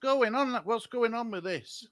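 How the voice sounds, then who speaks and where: A man's voice: extremely high pitch, measured pace, a bit bright, dry recording. A man, co-hosting a casual live stream, chatty with viewers and flustered by the technology. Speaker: stream co-host.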